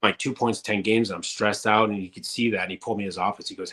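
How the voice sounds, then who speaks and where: A man's voice: fairly low pitch, quick pace, bright, forceful tone. A man in his thirties, a former pro hockey player, telling rambling, profane stories in a casual interview. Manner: rambling and profane, many fillers.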